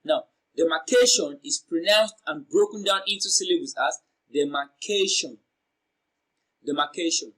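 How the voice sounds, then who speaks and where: Man tutoring slow pronunciation drills. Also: fairly high pitch, a bit bright, rough recording. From Nigeria. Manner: slow, deliberate, repeats words for pronunciation drills. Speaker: exam prep tutor. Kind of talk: lesson on exam questions.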